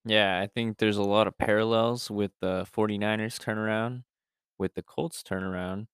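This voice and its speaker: A man's voice: on the low side, fairly even intonation, moderate pace, smooth, no echo, clean studio sound. A young man co-hosting a sports podcast, ranting emphatically with fillers. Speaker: podcast co-host. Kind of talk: casual sports chat.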